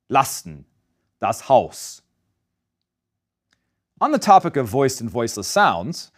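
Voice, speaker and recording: A man teaching German pronunciation in a scripted lesson, talking in a lively way and slowing down to model each sound. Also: on the high side.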